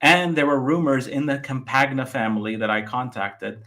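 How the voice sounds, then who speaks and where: A man, the author of a book, explaining his research point by point in a relaxed podcast interview. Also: mid-range voice, normal speed. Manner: methodical, lists points by number.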